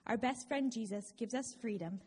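Breathy woman preaching in a reverberant hall. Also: a little high, normal speed, a little mellow. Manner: conversational, earnest, wry asides. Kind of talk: sermon.

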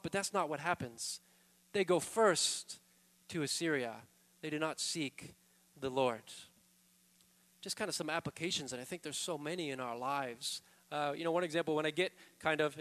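A man's voice: a little high, a bit bright. Male pastor preaching in a reverberant hall. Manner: earnest, rhetorical questions, conversational asides. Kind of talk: sermon.

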